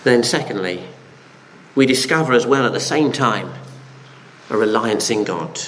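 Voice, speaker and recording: A man's voice: mid-range voice, lively intonation, unhurried, slight background noise. A man preaching a sermon, earnest, with rhetorical questions and frequent restarts. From Britain.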